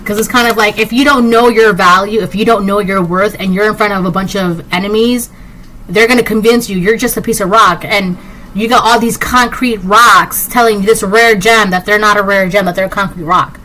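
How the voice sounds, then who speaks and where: A woman's voice: mid-range voice, steady tone, moderate pace, sharp tone, low-quality recording. A woman giving a casual tarot reading, rambling and sassy, full of "like" and "um". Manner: rambling, filler-heavy, with frequent "like" and "um". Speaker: tarot reader.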